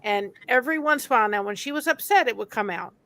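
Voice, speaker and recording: A woman's voice: a little high, animated, fast, sharp tone. A woman host in a casual chat, telling stories earnestly. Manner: earnest, storytelling.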